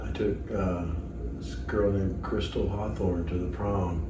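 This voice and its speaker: Middle-aged man, animated storyteller, recorded from across an echoey room. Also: sits low, unhurried, recorded from a distance, noisy background. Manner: animated storyteller, acts out quotes. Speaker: host, musician. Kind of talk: casual reminiscing chat.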